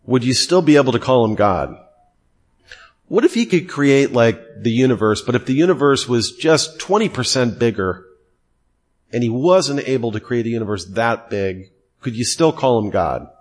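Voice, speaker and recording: Middle-aged male theology teacher, mid-pitched, lecturing and quizzing the class, repeating key terms. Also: animated, moderate pace.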